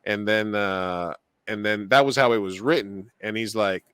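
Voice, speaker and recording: Man, low voice, casual podcast chat, rambling with fillers, dry close sound. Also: moderate pace, smooth, no echo. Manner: rambling, animated, frequent fillers and restarts. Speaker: podcast co-host.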